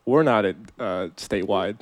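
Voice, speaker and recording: A man's voice: fairly low pitch, moderate pace, no room sound. A man co-hosting a comedy podcast, chatting casually, laughing often as he sketches scenes with many fillers. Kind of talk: casual chat.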